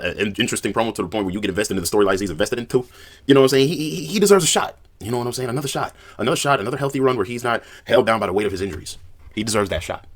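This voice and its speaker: A man with a very low voice talks at a rapid clip. He delivers casual wrestling opinions in a loose, conversational way, often tagging his points with filler phrases. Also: fairly bright tone. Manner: fast, conversational, repeats "you know what I'm saying". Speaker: wrestling opinion video narrator.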